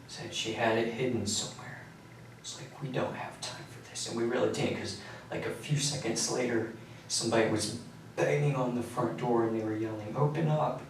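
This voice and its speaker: A young man giving a police confession in a recorded interview, talking in a halting, detached way with many pauses and fillers. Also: mid-range voice, steady tone. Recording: echoey room recording from far off, faint hiss.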